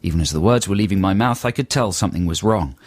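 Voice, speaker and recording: A man's voice: sits low, quick pace, no echo. A man co-hosting a radio show from a studio, reading listener stories and trading dry jokes. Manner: wry, dry humour. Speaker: radio co-host. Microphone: studio microphone.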